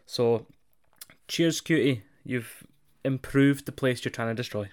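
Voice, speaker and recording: A man co-hosting a casual wrestling chat, swearing a lot and getting animated, sometimes mimicking voices. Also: medium pitch, unhurried. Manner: sweary, animated, jokey, does mocking voices. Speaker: wrestling podcast co-host.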